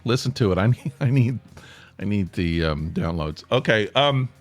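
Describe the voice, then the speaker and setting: On a solo podcast recorded at home near Atlanta, a man rambles casually, his fairly low voice animated and moving at a moderate pace. He's chatty and keeps interrupting himself, often stopping a sentence and starting it over.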